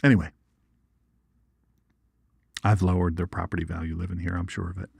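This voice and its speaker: A man's voice: sits low, brisk, creaky, breathy edge, dry recording. A man hosting an informal Bible teaching show, folksy and chatty, with jokes and asides. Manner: folksy and animated, asides and jokes, reads viewer comments.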